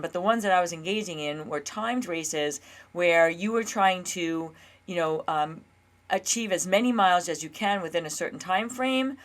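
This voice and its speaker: A woman in her fifties, a health coach hosting her own show, talking casually and earnestly, sometimes acting out her own inner dialogue. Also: fairly low pitch. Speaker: health and weight loss coach, show host. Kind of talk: casual solo talk to camera.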